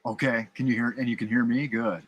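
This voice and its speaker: A man's voice: mid-range voice, level tone, fairly quick, dull audio. A man hosting a livestream, chatting casually, joking and swearing. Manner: joking, profane, stumbles over words. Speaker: livestream host. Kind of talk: casual chat.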